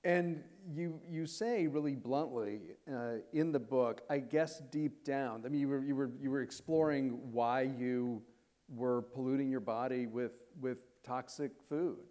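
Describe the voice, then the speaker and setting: A man's voice: medium pitch, unhurried, dark tone. A man interviewing a guest on a live stage, asking long searching questions with restarts. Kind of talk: onstage interview.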